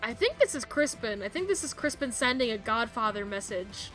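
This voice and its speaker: A confident young detective lays out the evidence point by point, crisp and matter-of-fact, as a woman reads her in a mystery game. Her voice is high and bright, recorded close and dry with faint music underneath. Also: big pitch swings, a little fast. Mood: probing.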